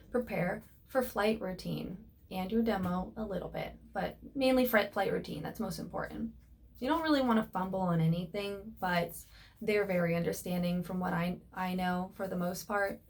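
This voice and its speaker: Chatty young woman giving pep talk. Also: mid-range voice. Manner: rambling and encouraging, with many fillers. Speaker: flight attendant. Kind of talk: casual advice vlog.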